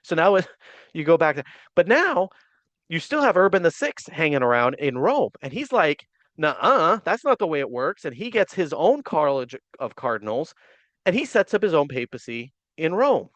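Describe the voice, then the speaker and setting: A man's voice: fairly high pitch, sing-song, moderate pace, a bit bright, no echo, muffled recording. A man teaching church history in a casual, conversational way, wry and joking, often acting out quoted figures. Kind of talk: casual explanatory lecture.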